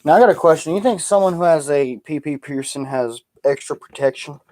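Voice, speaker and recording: A man hosting a livestream from his backyard, joking loudly with his viewers. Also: a little high, a little fast. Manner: loud, joking, calls out to his audience. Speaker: livestream host. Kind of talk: casual livestream chat. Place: outdoors in a backyard.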